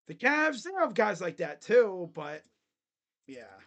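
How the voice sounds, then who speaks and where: Loud, crude young sports fan man. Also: sits high, sing-song, takes it slowly, gravelly. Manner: blunt, crude joking with loud bursts. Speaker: sports channel host. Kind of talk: casual live game reaction. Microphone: webcam setup.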